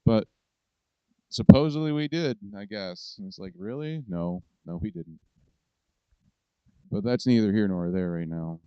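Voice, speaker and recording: A man's voice: fairly low pitch, unhurried, pauses often, clear, resonant tone, no echo. A man in a rambling, profane political monologue, ranting to his viewers. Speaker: vlogger. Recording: dull lo-fi recording, dry.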